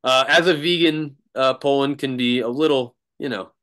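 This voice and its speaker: Guest drummer, male, mid-pitched, casual and rambling, laughs through his stories. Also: normal speed, a bit bright, smooth. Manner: rambling, laughs often, many restarts. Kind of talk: casual storytelling.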